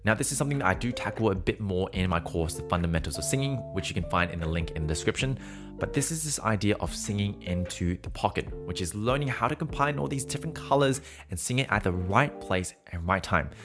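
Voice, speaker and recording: A man's voice: fairly low pitch, expressive, quick pace. Male singing teacher, faint music behind. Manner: demonstrates sung and nasal vowel sounds between explanations; encouraging, direct instructions to the listener. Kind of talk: podcast voice lesson.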